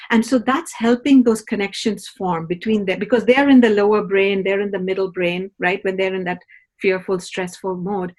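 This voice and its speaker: On a podcast, a middle-aged woman who teaches parenting speaks in a medium-pitched, darkish voice. Her tone is patient and instructive, and she frequently checks in by closing points with a questioning "right?".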